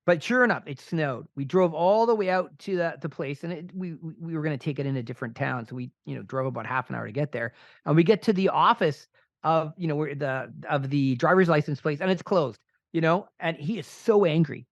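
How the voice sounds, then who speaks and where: Lively middle-aged man in a dull, dry recording. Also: on the high side, a little fast, no echo. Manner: animated, enthusiastic storyteller. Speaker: podcast co-host. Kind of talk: casual chat and storytelling.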